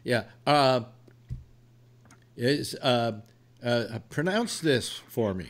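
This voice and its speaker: A male host rambles through a casual chat at an ordinary pitch. He trips over his words, restarts, and leans on fillers as he goes. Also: expressive, extremely slow, long pauses. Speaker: radio show host. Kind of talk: casual chat and joke telling.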